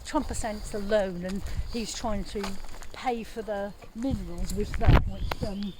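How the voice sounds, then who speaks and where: A man's voice: high voice, fairly even intonation, unhurried, background noise. A man chatting hesitantly on a dog walk outdoors, often repeating his words. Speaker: conversation partner. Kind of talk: casual chat on a dog walk. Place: outdoors walking dogs.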